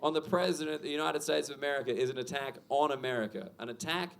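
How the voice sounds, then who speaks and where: A man's voice: on the high side, quick pace, gravelly. A young Australian man with an Australian accent doing a stand-up comedy set, conversational and sweary, working the crowd with lots of tag questions. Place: comedy venue with audience. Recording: live venue with audience noise.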